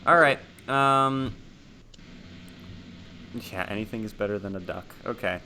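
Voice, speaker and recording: A man's voice: on the low side, measured pace, pushed and bright, a little hiss or hum. A man narrating a tabletop horror game as game master, casual, with laughing asides and many ums.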